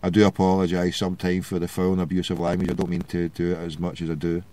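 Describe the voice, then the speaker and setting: A man's voice: sits low, monotone, fast talker, mellow. A Glaswegian man hosting a call-in show, ranting with sarcasm and heavy swearing. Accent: Glasgow Scottish. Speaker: radio show host. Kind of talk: ranting opinion monologue.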